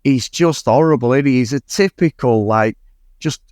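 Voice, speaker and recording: A podcast co-host with a mid-range, slightly mellow voice rambles about a film at normal speed, swearing and laughing often in a casual review chat. The recording is dry and clean, with studio quality.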